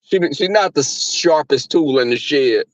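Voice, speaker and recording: A man's voice: fairly high pitch, measured pace, dry recording, highs cut off. A man telling crude, profane stories to live viewers from his workplace. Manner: crude, animated, frequent laughs and swearing. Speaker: live streamer.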